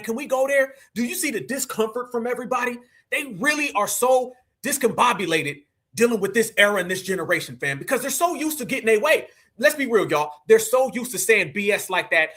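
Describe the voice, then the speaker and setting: This livestream host from the United States has a high-pitched, bright, pushed voice. Addressing viewers straight on as "fam," he delivers preachy commentary, repeating himself and hammering his points home.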